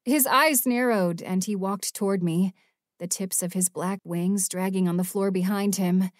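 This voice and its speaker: Narrating in the first person, a woman brings emotional expressiveness to an audiobook, speaking without hurry in a voice of middling pitch. There's no echo or room sound, just a dry, close-miked recording.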